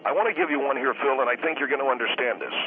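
A man calls in as a guest to a radio talk show, speaking at a racing pace in a medium-pitched voice. He is earnest and aggrieved, explaining at length how he feels wronged. The telephone line sounds tinny, with a faint hiss.

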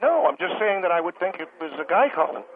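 A man's voice: high voice, lively intonation, fast talker, slight background noise. A man voicing a short, wealthy grocery owner who stammers and makes excuses, heard over a phone line. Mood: insistent. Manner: stammering, self-justifying. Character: short wealthy male grocery owner in a hairpiece, defensive and leering. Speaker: store owner on a call-in show.

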